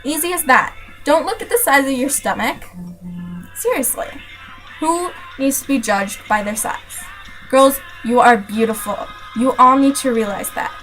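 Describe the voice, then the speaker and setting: A woman's voice: high-pitched, normal speed, fairly bright tone, soft background music, poor audio. A young woman in her teens vlogging an earnest, emphatic motivational rant, repeating key points for emphasis.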